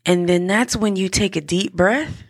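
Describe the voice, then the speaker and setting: A woman's voice: mid-range voice, unhurried, no echo, clean studio sound. A woman hosting a podcast, talking through an earnest, encouraging motivational monologue with frequent restarts. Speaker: podcast host.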